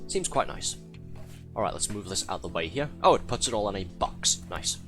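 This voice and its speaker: Male streamer, low voice, bouncy delivery, flustered and laughing between lines, faint music bed. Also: animated, brisk, pushed and bright. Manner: flustered, chatty, laughs often. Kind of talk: live gameplay commentary, chatting with viewers.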